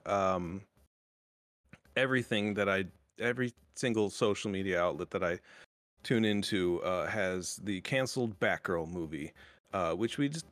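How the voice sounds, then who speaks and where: A man hosting a casual podcast chat, talking in a halting way with many fillers and restarts. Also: low-pitched, a bit bright, no room sound. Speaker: podcast host.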